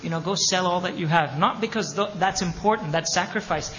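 A man preaching a sermon as pastor of his church, impassioned, with sudden loud peaks and hushed drops. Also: high voice, brisk, few pauses. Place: church sanctuary. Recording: long hall reverb, faint ambience.

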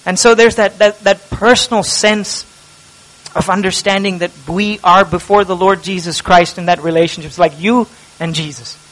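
A man preaching a sermon with passion, dropping to a hush and rising to loud cries. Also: sits high, fairly even intonation, normal speed, rough recording. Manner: impassioned preaching, swings from hushed to loud. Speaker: pastor.

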